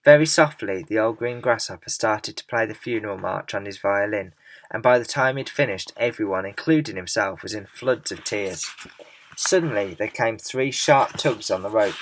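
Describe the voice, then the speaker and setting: A man narrating a children's novel aloud in a lively storytelling way. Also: lowish voice, moderate pace. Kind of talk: audiobook reading of a children's novel.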